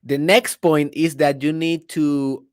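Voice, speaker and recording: Young Spanish-native male host, upbeat motivational storyteller, higher register. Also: slow pace, dry recording, studio quality. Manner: animated storytelling with laughter and non-native grammar. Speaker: podcast host. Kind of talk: casual motivational monologue.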